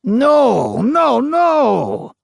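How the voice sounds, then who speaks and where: Man voicing an old Scottish ghost, wailing high. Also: wildly swooping pitch, extremely slow, vocal fry, dry recording, full character voice. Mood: shouting. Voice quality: strained, moaning wail. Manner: swings between weary murmurs and anguished shouts. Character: grieving old male Scottish ghost, stubborn and bitter. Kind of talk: dramatized ghost story reading.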